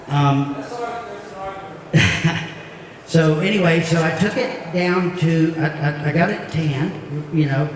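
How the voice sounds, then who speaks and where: A middle-aged man telling a halting, heartfelt story on a concert stage, heard through a stage mic from the audience. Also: on the high side, slight background noise. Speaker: singer-songwriter performing a concert. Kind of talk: storytelling between songs. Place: opera house stage. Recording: echoey hall recorded from far off.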